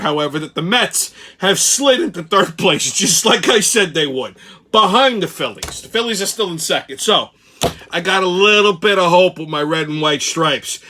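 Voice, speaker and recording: A man's voice: high-pitched, lively intonation, normal speed, bright, forceful tone. A middle-aged man, hosting a profane sports rant in an angry, swearing tone. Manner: angry, foul-mouthed, ranting. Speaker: sports commentary host.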